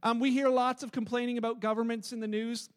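A man from Canada delivers a sermon before a gathered audience, and his voice sits very high for a man. He jokes with the crowd and tells stories in an animated way. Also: fast talker, clean tone. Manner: joking, animated storytelling to an audience. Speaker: preacher. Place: church hall with live audience.

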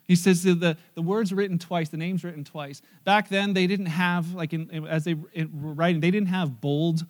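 A man preaching a sermon in church, animated and joking, acting out scenes. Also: fairly high pitch, normal speed, few pauses. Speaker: pastor.

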